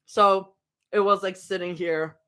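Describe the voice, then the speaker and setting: A woman's voice: medium pitch, steady tone, unhurried, sharp tone, clean tone. A young woman streaming from home, chatting casually and rambling between snacks during a live reading. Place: home room.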